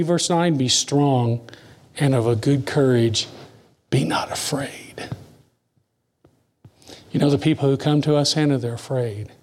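A man preaching a sermon, reading scripture slowly and dropping to hushed asides between emphatic lines. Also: mid-range voice. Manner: reads scripture slowly and deliberately.

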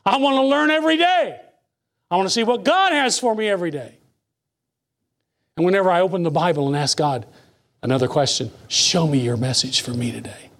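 A man delivers a sermon in a fairly high voice. He rises to emphatic lines, then drops to near-whispered asides. He reads scripture slowly and deliberately. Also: expressive. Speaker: preacher.

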